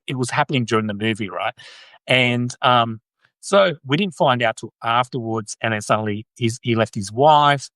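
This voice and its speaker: A man's voice: mid-range voice, a bit bright, no echo. A man from Australia hosting a podcast, telling a story in a loose, rambling way and often checking in with "right?". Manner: rambling, conversational, checks in with listeners. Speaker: podcast host. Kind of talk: casual storytelling chat.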